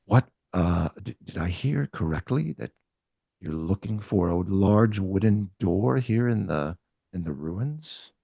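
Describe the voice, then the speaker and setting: A man voicing a grave, cautious rat king in a tabletop game, speaking low and slow. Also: lively intonation, gravelly, warm tone, slightly rough, dry recording, highs cut off, full character voice.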